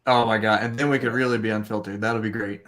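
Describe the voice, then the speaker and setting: A man's voice: fairly low pitch, steady tone, fast, a loud crowd. Easygoing male podcast host. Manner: easygoing, hesitant with many ums. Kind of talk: casual podcast chat.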